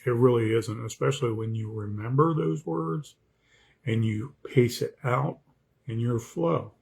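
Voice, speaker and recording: A man's voice: medium pitch, unhurried, creaky, darkish tone, a little hiss or hum. A man, an author, talking casually about writing, rambling and repeating words, often checking in with the listener. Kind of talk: casual talk on writing craft.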